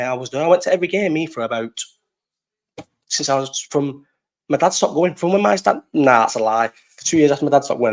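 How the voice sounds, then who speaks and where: A young man from Bolton with a Northern English accent, hosting a casual live chat in a rambling, sweary way and laughing often. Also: medium pitch. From Bolton, England. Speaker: live stream host.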